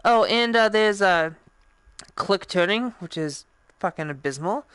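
A woman with a Boston accent giving casual, profane, excitable commentary while playing a VR game. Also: mid-range voice, measured pace, smooth, no echo. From Boston, USA. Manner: profane, excitable, thinking aloud. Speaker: VR game streamer. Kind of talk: casual let's-play commentary.

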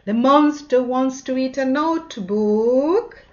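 Woman, English teacher for kids, slow sing-song delivery, mid pitch, muffled lo-fi recording. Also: expressive. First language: Spanish. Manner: sing-song, mixing Spanish and English, drawn-out repetitions. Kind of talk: children's English lesson. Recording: dull lo-fi recording.

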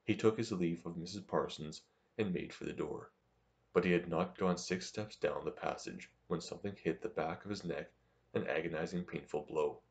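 A man narrating a novel as an audiobook in a steady, measured reading. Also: low-pitched.

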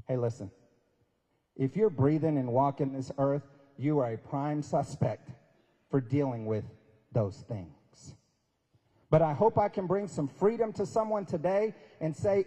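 A man's voice: on the high side, lively intonation, moderate pace, dark tone. A man in his forties giving an inspirational talk at a prayer breakfast, telling stories conversationally and acting out quoted lines with emphasis. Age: 40s. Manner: storytelling, acts out quoted dialogue, conversational and emphatic. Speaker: speaker. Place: large event hall. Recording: long reverb of a large hall.

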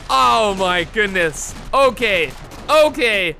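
Excitable high-voiced gaming commentator man. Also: slow, over music. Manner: excitable, exclaiming, addresses viewers as guys. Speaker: gameplay commentator. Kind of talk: excited video game commentary. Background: game gunfire and explosions.

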